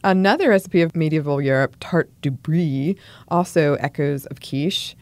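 A woman's voice: deep voice, normal speed, a little mellow. A woman co-hosting a casual podcast chat, playful and laughing as she reads out old recipes. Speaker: podcast co-host.

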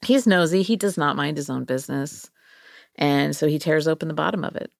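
A woman co-hosting a podcast, telling a comedic story in an animated, jokey way. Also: low voice, brisk, creaky, dry recording, studio quality. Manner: animated, jokey, slips into silly voices. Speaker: podcast co-host.

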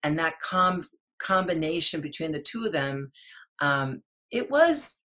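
A middle-aged woman, a guest in an interview, telling a personal story in an earnest, halting way with many restarts. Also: deep voice, animated, fairly bright tone.

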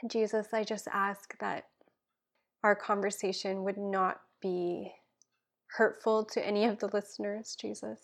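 A woman, a guest and children's pastor, praying aloud and speaking from the heart in an earnest, soft-spoken way that drifts into whispers. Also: mid-range voice, level tone, measured pace, vocal fry. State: tearful and emotional. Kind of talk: spoken prayer and heartfelt chat.

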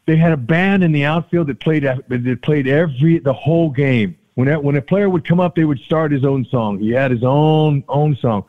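A man's voice: medium pitch, moderate pace. An older man, a former ballplayer, telling stories as a podcast guest, acting out the quotes with big jumps in his voice. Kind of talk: storytelling in a casual interview. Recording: tinny phone-like line.

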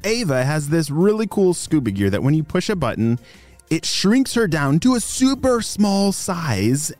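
A man's voice: on the high side, darkish tone, no echo. A man hosting a children's podcast, narrating a story in a chatty way and talking directly to young listeners. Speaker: storyteller and host of kids' podcast.

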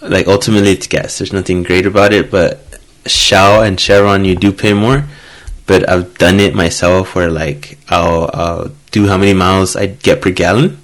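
A man's voice: sits low, fairly bright tone. A man co-hosting a podcast, rambling through a long casual explanation. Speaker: podcast co-host. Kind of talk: casual chat.

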